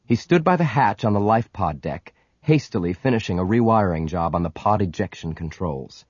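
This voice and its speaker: A man narrating an audiobook with measured, dramatic storytelling. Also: on the low side, lively intonation, a little mellow, slightly rough, no echo, dull audio. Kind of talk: scripted narration.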